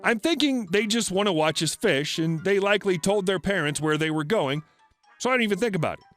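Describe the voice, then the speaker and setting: A man reading online stories aloud as a scripted narration in a steady storytelling manner. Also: high-pitched, brisk. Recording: faint background music.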